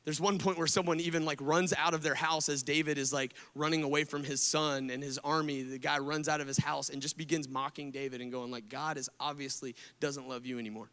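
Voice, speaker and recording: A man preaching a casual youth sermon to students, telling the story in an animated way full of "like" and "right?". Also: a little high, fairly quick, hardly any pauses. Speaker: speaker at a student event. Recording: long hall reverb.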